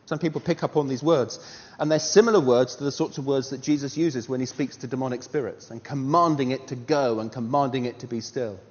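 A man preaching a sermon, telling a story and asking animated rhetorical questions with a touch of self-deprecating humour. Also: mid-range voice, fairly quick. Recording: dull sound with long hall reverb.

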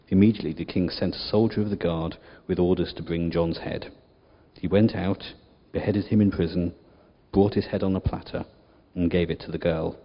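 A man giving a measured Bible reading in church. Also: low-pitched. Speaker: scripture reader. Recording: dull church recording with long reverb.

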